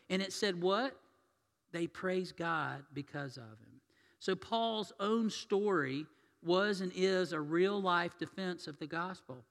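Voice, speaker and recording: A man preaching a sermon as pastor, telling stories and swinging between loud and hushed delivery. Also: high-pitched, slow pace, gravelly. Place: church sanctuary. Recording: long reverb of a church hall.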